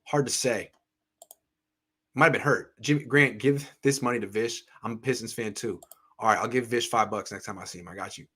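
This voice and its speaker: A man's voice: on the low side, fairly bright tone. A man hosting a sports show, chatting casually and reading viewer comments aloud with blunt, sarcastic remarks. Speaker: sports podcast host.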